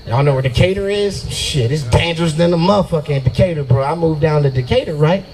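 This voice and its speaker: Brash profane stand-up comic. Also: male voice, fairly high pitch, quick pace, hardly any pauses, a little mellow, low-quality recording. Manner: brash, profane, riffing with the crowd. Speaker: stand-up comedian. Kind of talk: stand-up comedy set. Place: brewery open mic night.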